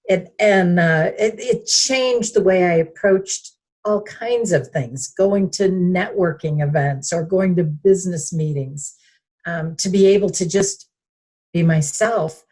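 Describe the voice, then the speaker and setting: A woman's voice: lowish voice, unhurried, darkish tone. A woman guest in a conversational interview, reflective and hesitant, with frequent fillers.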